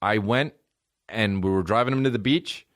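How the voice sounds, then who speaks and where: A man hosting a podcast, telling comedic stories in a profane, animated way and acting out the people he quotes. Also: lowish voice, moderate pace. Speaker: podcast host. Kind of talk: comedic storytelling.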